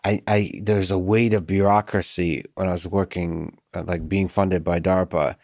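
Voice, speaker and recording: A man hosting a podcast, speaking in a measured, thoughtful way with pauses and fillers. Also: low voice, flat delivery, darkish tone, dry recording, clean studio sound. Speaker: podcast host. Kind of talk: casual conversation.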